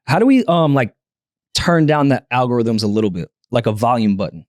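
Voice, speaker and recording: A man co-hosting a podcast, chatting casually in an animated way and laughing often. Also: medium pitch, a little fast, no room sound, studio quality. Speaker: podcast co-host. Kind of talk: casual group chat.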